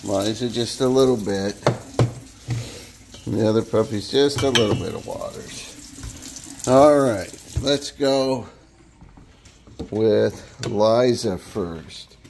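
A dog owner films his pets at home, cooing at them in playful, silly baby talk and voicing their thoughts aloud. His voice is lowish and slow with vocal fry and long pauses, and the background is noisy.

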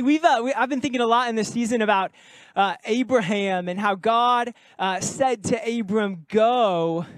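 A man with a notably high voice preaches to his congregation in a loose, chatty way, cracking jokes and throwing out questions to the room. The sound is close and dry, with almost no room echo. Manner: conversational, jokey, asks the congregation questions. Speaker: pastor. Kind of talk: sermon. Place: church service with congregation.

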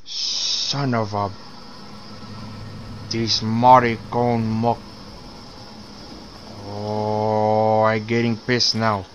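Man putting on a gangster boss, lively swings, bright voice, slow menacing delivery. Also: medium pitch, highs cut off, a little hiss or hum. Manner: broken English, profane threats, shouting bursts. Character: hot-tempered male gangster boss, threatening. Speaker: gameplay commentator. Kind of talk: in-character game commentary.

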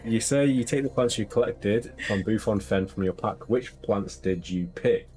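A man's voice: lowish voice, normal speed. A man reading a gamebook aloud and joking dryly with his co-player, with faint music behind. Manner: steady narration broken by dry jokes.

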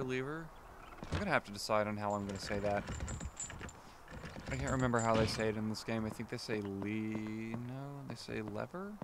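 A man's voice: on the low side, noisy background. A man casually commenting on his gameplay as a let's play host, chatty and rambling, often correcting himself. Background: game music.

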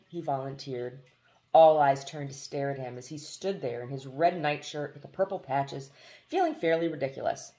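A woman reading a novel aloud as audiobook narration, expressive, with occasional slips and restarts. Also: sits low, moderate pace. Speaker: audiobook reader.

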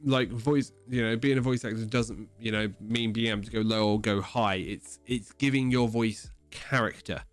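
Low-voiced man, blunt and teasing. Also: fairly even intonation, normal speed, few pauses, dry recording, soft background music. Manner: blunt, teasing, rambling explanations. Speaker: podcast co-host. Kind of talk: casual chat.

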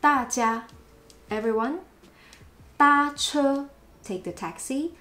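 A woman's voice: high-pitched, animated, slow, pushed and bright. A Taiwanese-accented woman, a native Mandarin speaker, giving a language lesson and repeating sample phrases with playful, exaggerated intonation. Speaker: language teacher. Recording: roomy echo.

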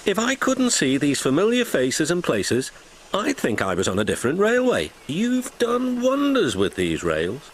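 A man's voice: fairly high pitch, wildly swooping pitch, measured pace, voice pushed up. A man voicing a cheerful little old male steam engine, eager and chatty, in a storybook reading. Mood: delighted.

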